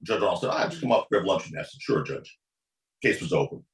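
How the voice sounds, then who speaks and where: On a podcast, a male guest attorney talks a little fast, acting out the figures in a courtroom story with pronounced pitch swings in an animated style. The studio is reverberant and the recording low quality.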